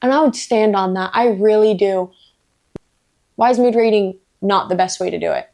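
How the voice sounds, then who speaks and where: A woman's voice: mid-range voice, fairly even intonation, normal speed, darkish tone. Blunt, swearing woman book vlogger. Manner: blunt, emphatic, swears freely; playful, self-mocking asides. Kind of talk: casual vlog rant.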